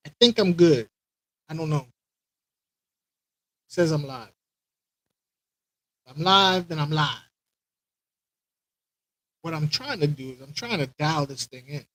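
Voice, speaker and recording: High-voiced man chatting on a live stream. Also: lively intonation, slow pace, long pauses, fairly bright tone, no room sound, low-quality recording. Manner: rambling, repeats himself, talks to viewers by name. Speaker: aquarium channel host.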